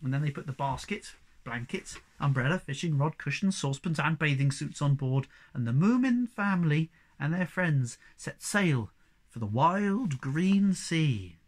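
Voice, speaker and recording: Storybook narrator, lively intonation, expressive read-aloud. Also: medium pitch, measured pace. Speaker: storybook reader. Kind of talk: reading a children's book aloud.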